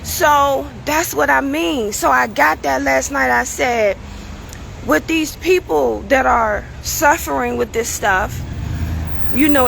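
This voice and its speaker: A woman with a high, gravelly voice that sounds strained and tired, preaching casually to her viewers. Her tone is bright and forceful, and she keeps checking in with her listeners as she pushes through her talk. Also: slight background noise. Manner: preachy, casual, keeps asking "you understand?". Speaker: show host.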